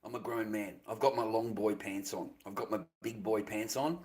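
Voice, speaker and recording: A man's voice: lowish voice, fairly even intonation, normal speed, darkish tone, poor audio. An Australian man rambling bluntly on his live stream, profane and dismissive, repeating himself and often dropping to a mutter.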